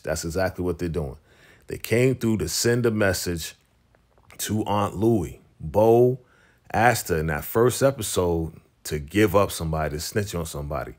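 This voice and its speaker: Dude doing a chill tv recap, kinda low voice, lots of "you know" and "man", acts out the lines. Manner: animated retelling that acts out the characters' lines, with slang and fillers. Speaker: TV recap reviewer. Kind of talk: casual TV episode recap.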